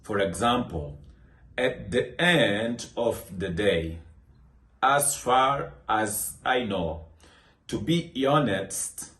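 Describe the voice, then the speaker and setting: A man giving an English lesson in a very slow, deliberate voice, pitched a little low. He sounds scripted and spaces his phrases out carefully. The room around him is echoey. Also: fairly bright tone. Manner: slow, deliberate delivery with clear example phrases. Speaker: English teacher.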